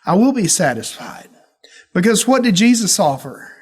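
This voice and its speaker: A man leading a church Bible study, teaching in a folksy, animated storytelling way. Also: high-pitched, normal speed, breathy edge. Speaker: pastor.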